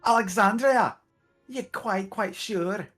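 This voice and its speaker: A woman's voice: medium pitch, slow pace, a bit bright. A woman voicing a cheerful, helpful young male townsman in a Scouse accent, reading game dialogue. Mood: surprised. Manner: chatty and polite, bursts of hearty exclamation. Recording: background music under the voice.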